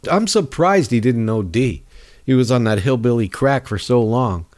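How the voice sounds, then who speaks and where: A man's voice: medium pitch, lively intonation, moderate pace, a little mellow. Sarcastic ranting man, stuffed up. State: stuffed up with a cold. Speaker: podcast host. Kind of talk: political commentary rant.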